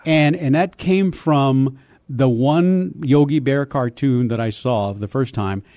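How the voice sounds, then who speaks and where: Animated older male voice actor. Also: mid-range voice, slow pace, dry recording, studio quality. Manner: animated, slips into character voices. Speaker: voice actor guest. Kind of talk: storytelling interview.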